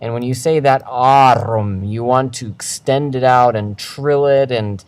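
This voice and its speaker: A man teaching Latin in a video lesson, explaining grammar and swooping his pitch up and down to demonstrate pronunciation. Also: normal speed, a little mellow, clean tone, poor audio.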